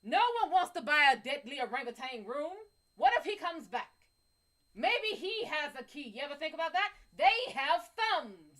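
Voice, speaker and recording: A woman hosting a live psychic reading, talking casually, swearing freely and laughing between stories. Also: high voice. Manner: animated, profane, laughing. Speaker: psychic reader, live stream host.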